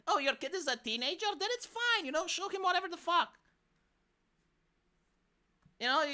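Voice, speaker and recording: A woman with a Romanian accent, ranting in casual, profane commentary on a live stream. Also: fairly high pitch. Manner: profane, exasperated, animated.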